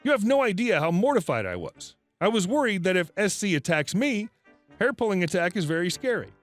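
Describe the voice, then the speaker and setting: Man narrating with a lively, high voice. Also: brisk, dry recording, faint music behind. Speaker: story narrator. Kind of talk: scripted first-person story narration.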